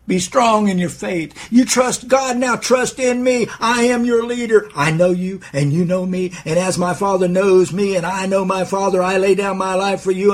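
A man voicing Jesus in a guided devotional meditation, speaking gently, solemnly and reassuringly. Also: high voice. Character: gentle loving male Jesus, calm and assured.

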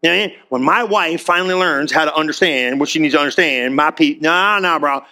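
Gravelly, bright-voiced joking male preacher. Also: fairly high pitch, quick pace. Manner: animated, joking, calls out to the congregation. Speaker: pastor. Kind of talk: sermon.

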